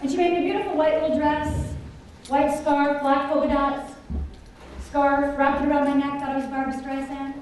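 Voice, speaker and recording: A middle-aged woman telling a personal story to a conference audience, animated and often asking the listeners questions. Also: high-pitched, normal speed, distant mic, slight background noise. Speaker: conference speaker. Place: large conference hall. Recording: echoey hall, voice picked up from afar.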